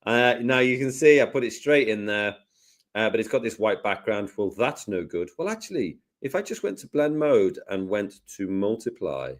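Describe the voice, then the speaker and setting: A man hosting a casual live software lesson, jokey and self-deprecating as he talks through each step. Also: fairly low pitch, big pitch swings, moderate pace. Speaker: host, design tutor.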